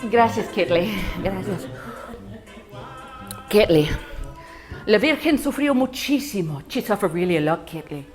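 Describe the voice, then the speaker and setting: A woman playing her excitable, religious older mother-in-law, fussing loudly and mixing in Spanish phrases. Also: a little slow, pauses often, soft background music, lightly acted. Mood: preachy. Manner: high, loud, fussing, Spanish phrases mixed in.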